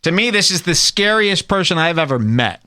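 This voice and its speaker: A man hosting a show, giving mocking, animated commentary while he plays back a podcast. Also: sits high, moderate pace. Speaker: host reacting to a podcast clip. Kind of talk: casual commentary over playback.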